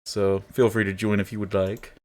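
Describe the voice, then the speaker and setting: A young man streaming a game playthrough, reading the on-screen text aloud in a relaxed, chatty way and laughing often. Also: fairly low pitch, moderate pace. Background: game music.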